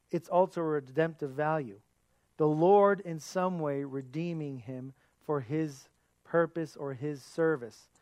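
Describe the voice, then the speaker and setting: A man's voice: on the high side, darkish tone, dry recording. A man giving a sermon as a pastor, earnest, asking his listeners rhetorical questions.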